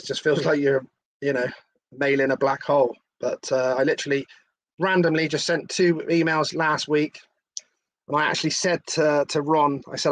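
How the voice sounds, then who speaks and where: Hosting a casual live stream, a middle-aged man from England talks in a slightly raised voice on the high side, laughing, swearing freely, and responding to viewers' comments as he reads them out. The recording is dry and close with no room sound.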